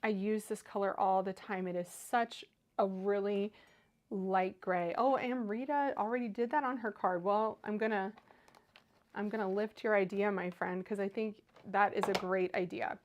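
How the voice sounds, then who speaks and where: An enthusiastic woman chats casually through a live craft stream, reading out viewer comments as she goes. Her voice sits at a middle pitch and comes through a close microphone. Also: steady tone, moderate pace. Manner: chatty and enthusiastic, reads viewer comments aloud. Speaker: crafting livestream host. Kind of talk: casual livestream chat.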